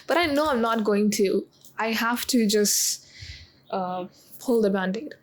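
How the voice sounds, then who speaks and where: A woman in her twenties talking in a confessional vlog, halting with many pauses and close to tears. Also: fairly high pitch, lively intonation, rough recording. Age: 20s. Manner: halting, full of pauses and restarts. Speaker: vlogger.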